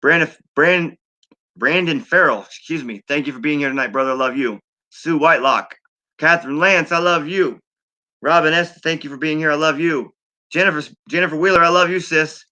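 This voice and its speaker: Bright-voiced man hosting a recovery livestream. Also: fairly high pitch. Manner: warm, repetitive, encouraging, reading names off a fast chat feed. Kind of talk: heartfelt livestream sign-off and shout-outs.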